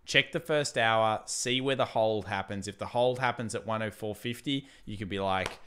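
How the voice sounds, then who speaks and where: Hosting a live stream, a man chats casually through market commentary and reads out viewer messages, laughing easily and thinking aloud as he restarts sentences. His voice is on the low side, smooth and a bit bright, at a moderate pace with hardly any pauses.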